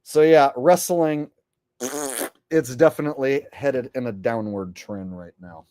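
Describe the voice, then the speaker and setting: A man's voice: medium pitch, measured pace, warm tone, no echo. A man hosting a casual commentary vlog, rambling in a sarcastic, profane way. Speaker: channel host.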